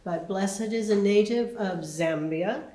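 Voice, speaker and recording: Slow-talking woman introducing a speaker. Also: mid-range voice, dark tone. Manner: slow, hesitant with fillers. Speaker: event host. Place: church hall. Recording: echoey church hall.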